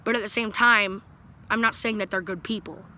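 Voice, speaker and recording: Young man, bright clear tone, casual storytelling, rambling, lots of "uh" and "like". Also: high voice, steady tone, normal speed, slight background noise. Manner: rambling, with many fillers and restarts. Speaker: vlogger.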